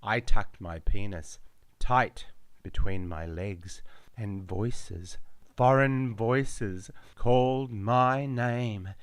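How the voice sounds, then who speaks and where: Slow, low-voiced man narrating. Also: dry recording. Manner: slow, measured, darkly dramatic reading. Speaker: author reading his memoir. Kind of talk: audiobook narration.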